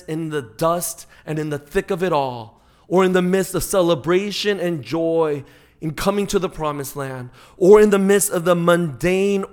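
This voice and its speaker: A man preaching a sermon as pastor, swinging between loud emphatic peaks and quiet, slowed-down drops. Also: on the high side.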